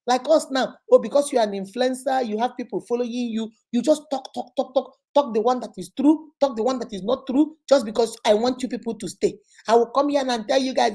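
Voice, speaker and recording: A Nigerian woman hosting a casual vlog, telling lively stories and acting out other people's voices. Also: high voice, a little fast, hardly any pauses. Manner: lively storytelling, acts out other voices, exclaims. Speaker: online influencer host.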